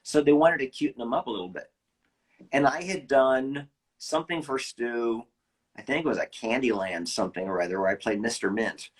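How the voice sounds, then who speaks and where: Husky-voiced man telling lively stories. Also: mid-range voice. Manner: animated anecdotes with quick restarts. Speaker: voice actor guest. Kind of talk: casual interview storytelling.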